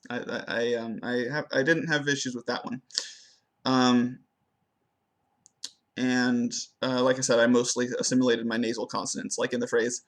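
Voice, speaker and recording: Young male student, unhurried, halting self-review of his pronunciation, lots of ums and restarts. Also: medium pitch, flat delivery, a bit bright. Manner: hesitant, many fillers and restarts, slows down to demonstrate words. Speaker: language student. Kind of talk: spoken self-assessment of pronunciation.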